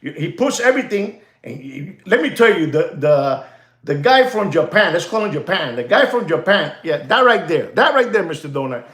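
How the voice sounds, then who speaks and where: Male livestream host, high voice, loose rambling monologue with Spanish asides, roomy echoey room. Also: very animated, normal speed. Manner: rambling and repetitive, addresses "ladies and gentlemen", drops Spanish phrases. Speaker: watch market livestream host.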